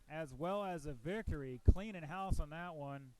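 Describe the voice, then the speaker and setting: Smooth-voiced man announcing race winners. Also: on the high side, a little slow, few pauses, dry recording. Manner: joking, relaxed emcee calling out winners. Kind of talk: podium announcements at a live event.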